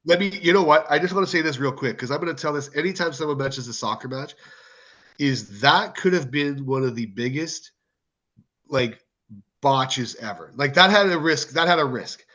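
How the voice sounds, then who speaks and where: Animated Canadian man, muffled lo-fi audio. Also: on the high side, normal speed. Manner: animated storyteller, repeats words for emphasis. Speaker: wrestling promotion owner, guest. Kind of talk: casual podcast interview.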